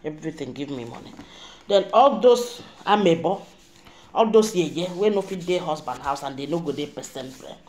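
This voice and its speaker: A woman's voice: low-pitched, expressive, moderate pace, darkish tone. A middle-aged woman with a Nigerian accent, giving an emphatic, rambling spiritual monologue to camera as a vlogger. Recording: echoey room.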